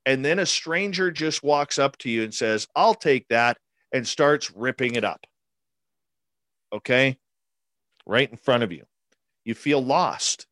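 A man's voice: medium pitch, animated, unhurried, long pauses, fairly bright tone, no echo. Emphatic storytelling man in his forties. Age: 40s. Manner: emphatic, repetitive, acts out quotes. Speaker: interviewee recounting an encounter. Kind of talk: animated personal storytelling.

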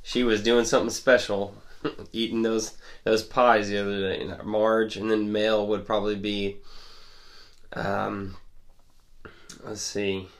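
Young man, low voice, casual podcast chat, rambling storyteller, laughs a lot. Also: little pitch movement, slow pace, pauses often. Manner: laid-back rambling storyteller, laughs often. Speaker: podcast co-host.

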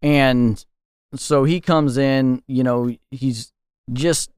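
A man guesting on a podcast, working through his thoughts on a film slowly and thoughtfully. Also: mid-range voice, steady tone, a little mellow, clean tone, no room sound, studio quality. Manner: thoughtful, searching for words with fillers and restarts. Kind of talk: casual film discussion.

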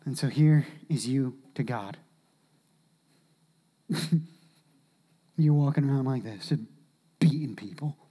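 A man preaching a sermon as pastor, animated, swinging from loud shouts to hushed, near-whispered asides. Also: medium pitch, takes it slowly, pauses often, husky.

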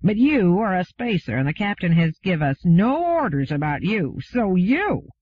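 A man's voice: high-pitched, big pitch swings, normal speed, a little hiss or hum. A man voicing a brutish, menacing spaceship crewman who sneers and threatens. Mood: sneering. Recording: phone-like narrow sound.

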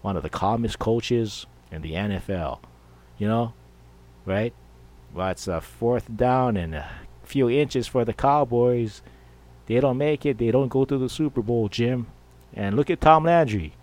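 A man's voice: medium pitch, measured pace, a little mellow. A middle-aged man hosting a podcast, rambling and jokey in a casual monologue. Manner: rambling, jokey, full of fillers. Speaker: podcast host.

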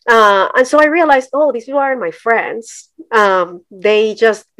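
A middle-aged woman talks frankly as a podcast guest, pressing hard on her points. Her voice sits in an ordinary middle pitch for a woman. The sound is close and dry, with no room echo. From Colombia. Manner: direct, emphatic, acts out quoted voices. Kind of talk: candid conversational storytelling.

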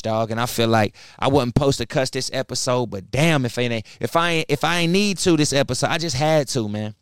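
Clean studio audio with no echo captures a young man's clear, resonant, medium-pitched voice. Hosting his podcast solo, he goes on a fired-up, preachy rant full of blunt profanity.

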